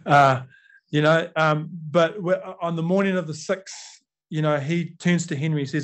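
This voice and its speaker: A man's voice: a little high, normal speed. A middle-aged man with a New Zealand accent giving a conversational storytelling talk to an audience, acting out quotes and using many fillers.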